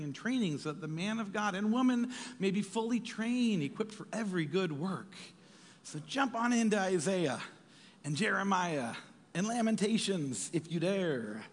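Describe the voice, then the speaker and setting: A man preaching with a lively, swinging delivery and a slightly husky tone. His voice carries a long reverb, as if in a church hall. He jokes and acts out quick asides as he teaches. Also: high voice. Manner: animated, jokey preaching with acted asides. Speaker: pastor. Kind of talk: sermon.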